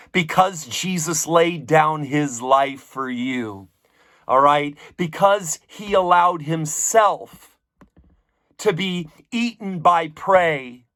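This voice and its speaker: A man's voice: on the high side, fairly bright tone, no room sound, clean studio sound. A man preaching a sermon as pastor, emphatic, with repeated phrases and questions put to his listeners.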